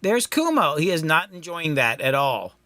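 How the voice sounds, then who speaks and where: Bright, higher-pitched rambling man. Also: sing-song, moderate pace, no room sound. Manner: rambling, self-deprecating, thinks aloud with many ums. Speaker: mix engineer hosting a live stream. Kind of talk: casual live-stream chat. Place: home mixing studio.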